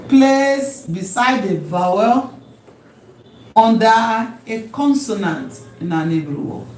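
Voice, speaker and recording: A woman teaching a Hebrew lesson, speaking deliberately and repeating key words so learners can follow. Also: mid-range voice. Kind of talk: recorded language lesson. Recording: roomy echo, faint background hum.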